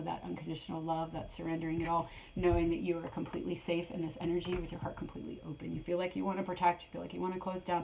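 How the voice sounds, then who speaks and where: A middle-aged woman giving a spiritual tarot reading in a rambling way, repeating her phrases and filling pauses, a little out of breath. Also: lowish voice, creaky, phone-quality sound, a little hiss or hum. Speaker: tarot reader.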